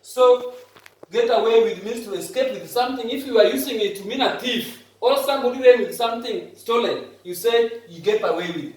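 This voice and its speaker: A man teaching English vocabulary to a class, patiently repeating each phrase slowly to drive it home. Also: high voice. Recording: very echoey room, voice far off.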